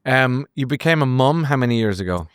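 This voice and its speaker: A man's voice: medium pitch, animated, brisk, clean tone, no room sound, studio quality. A middle-aged Irish man hosting an interview, affirming his guest and often restarting his sentences. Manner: warm, affirming, stammering restarts. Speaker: host. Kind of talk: interview chat.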